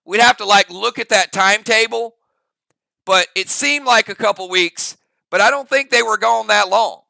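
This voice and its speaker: A man's voice: sits high, normal speed, gravelly, pushed and bright, dry recording. A man hosting a live-stream reaction show, chatting loosely with his viewers and thinking aloud with many restarts. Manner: rambling, thinks aloud with restarts, talks straight to chat.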